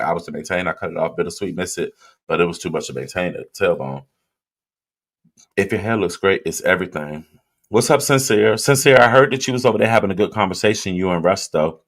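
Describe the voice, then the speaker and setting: With a deep voice and a fast pace, a man hosts a casual live chat. He drinks, reads viewer comments aloud, and talks to his audience in a loose, direct, chatty way.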